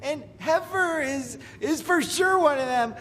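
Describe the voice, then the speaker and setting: A man's voice: very high-pitched, a little slow, fairly bright tone, long reverb tail, slight background noise. A middle-aged man, a voice actor, giving wry, playful commentary on impressions of his characters. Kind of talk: casual reaction commentary.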